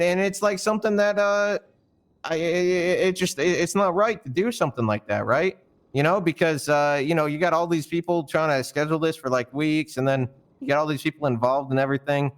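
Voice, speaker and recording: Fired-up, stammering man ranting. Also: a little high. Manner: rambling and stammering, with frequent swearing; fired-up and indignant. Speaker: roleplayer explaining a firing. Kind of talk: heated storytelling in a roleplay stream.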